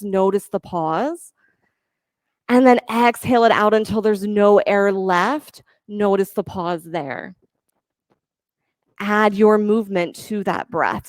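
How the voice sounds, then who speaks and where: A woman yoga teacher leading a class, giving calm, encouraging step-by-step cues for breath and poses. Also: medium pitch, no room sound. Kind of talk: guided yoga class instruction.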